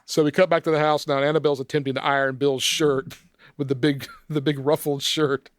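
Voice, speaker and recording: A man's voice: fairly high pitch, flat delivery, brisk, no room sound, clean studio sound. A man recapping a movie scene by scene from his notes in a casual podcast chat, laughing often. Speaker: film discussion podcast member.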